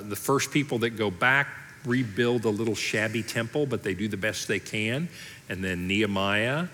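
A man's voice: on the low side, bright, forceful tone, big-room sound. A man preaching a sermon as pastor, in a conversational way, briefly voicing people from the story he tells. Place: church auditorium.

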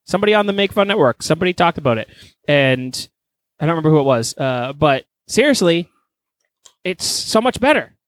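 Young man, profane jokey podcast chat, fairly high voice, dry close sound. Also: sing-song, brisk, dry recording. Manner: crude, profane, joking. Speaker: podcast co-host. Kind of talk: casual comedic chat.

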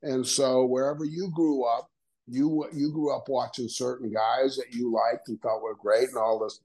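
A retired wrestler, now older, speaks as a guest in a casual storytelling interview on a podcast, and the audio is poor. His mid-range voice holds steady at a moderate pace as he animatedly acts out the people he quotes, laughing often.

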